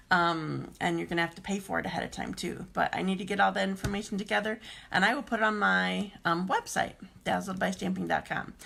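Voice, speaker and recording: A woman talks through a live craft demonstration in a loose, rambling way, full of filler ums. Her voice is scratchy and strongly gravelly with vocal fry, pitched in an ordinary middle range. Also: fairly bright tone. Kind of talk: casual live-stream chat.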